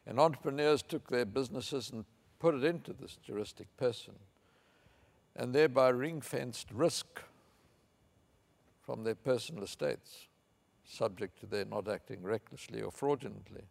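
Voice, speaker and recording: An older man from Africa, giving a measured, anecdotal conference speech with fillers. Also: medium pitch, creaky, darkish tone. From South Africa. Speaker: keynote speaker.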